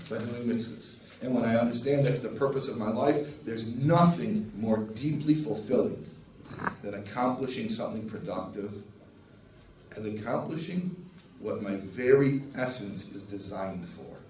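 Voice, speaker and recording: A rabbi gives an earnest Torah lecture, mixing Yiddish and Hebrew terms into his English. His voice sits at an ordinary pitch for a man. He is recorded from a distance in a roomy space with a faint hiss underneath. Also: normal speed, darkish tone.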